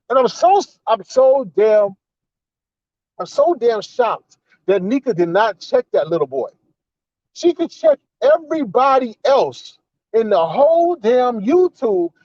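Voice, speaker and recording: A man's voice: extremely high pitch, darkish tone, no echo. A man giving an indignant, profane, repetitive rant in a commentary vlog. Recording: slightly dull, dry recording.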